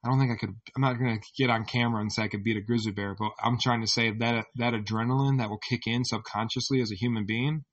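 A man's voice: mid-range voice, fairly even intonation, quick pace, hardly any pauses, far from the mic, dull audio. A man co-hosting a podcast, telling a story in loose casual chat, rambling and swearing freely. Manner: rambling, swears freely, retells with quoted voices. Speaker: podcast co-host.

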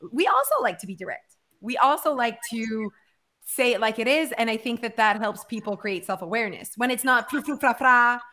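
An upbeat woman co-hosts a podcast and chats with easy enthusiasm. Her voice sits a little high. She talks to a guest in a friendly, eager way. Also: sing-song, brisk, sharp tone. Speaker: podcast co-host. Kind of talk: casual podcast interview.

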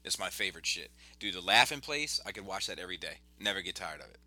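Animated, swearing male podcast host. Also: deep voice, fast talker, no room sound. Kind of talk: casual chat.

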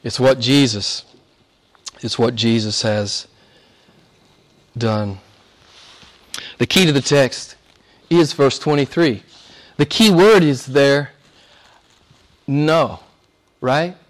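A man preaching a sermon with passion, shifting from loud, ringing declarations to hushed whispers. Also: mid-range voice, slow pace, pauses often. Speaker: pastor.

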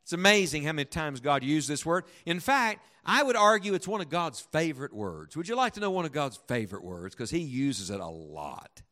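Dramatic preacher swinging hushed to loud. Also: male voice, fairly high pitch, sing-song. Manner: reads scripture slowly with heavy emphasis. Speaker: pastor. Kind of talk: sermon. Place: church sanctuary before a congregation.

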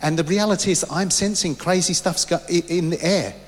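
A man's voice: high-pitched, brisk. A man preaching a sermon, fervent and anecdotal, often restarting his sentences. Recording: long hall reverb.

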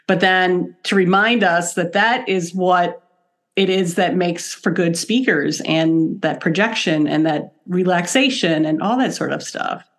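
A woman hosting a casual podcast conversation, enthusiastic and quick to laugh. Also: on the low side. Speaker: podcast host.

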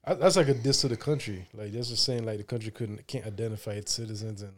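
A man co-hosting a casual podcast chat, speaking haltingly with repeated words and soft, trailing phrases. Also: fairly low pitch. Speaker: podcast co-host.

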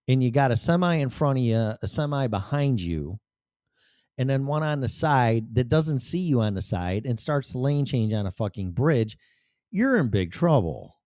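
A man's voice: mid-range voice, big pitch swings, normal speed, a little mellow, no room sound, studio quality. A man hosting a show, telling a personal story bluntly, full of profanity.

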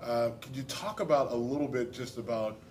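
A man's voice: mid-range voice, fairly quick, darkish tone, a little hiss or hum, low-quality recording. Easygoing male interviewer. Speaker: interviewer, host. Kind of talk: casual interview talk.

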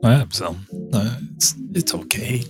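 A man hosting a show, rambling casually and thinking aloud with halting restarts. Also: mid-range voice, lively intonation. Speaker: show host. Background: music playing.

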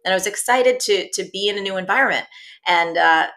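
A woman guest on an interview show, telling her story in a lively, animated way. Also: medium pitch, a little fast. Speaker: guest, entrepreneur and business coach.

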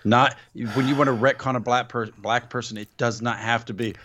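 A man's voice: medium pitch, steady tone, fairly quick, fairly bright tone. A man co-hosting a casual wrestling recap podcast, cutting in with blunt, incredulous objections.

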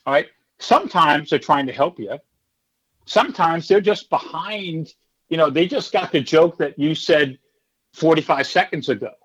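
A former stand-up comedian in his fifties talks casually in an interview, bringing his stories to life by playing the characters, hecklers included, in different voices. He speaks at a moderate pace in a slightly rough, higher-leaning voice, and the recording's highs are cut off.

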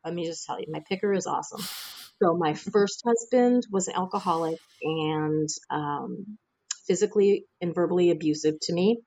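A woman's voice: low voice, vocal fry, no echo, rough recording. A middle-aged woman from the American Midwest, frankly telling her own life story as an interview guest and acting out the voices of people she quotes. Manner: frank, acts out quoted voices with lively jumps. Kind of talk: candid personal storytelling.

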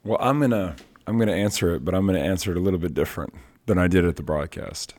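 Man, middle-aged, low-pitched, evangelist, animated storyteller, faith talk show. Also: fast talker. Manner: animated storyteller, acts out quotes. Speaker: traveling worship leader and evangelist.

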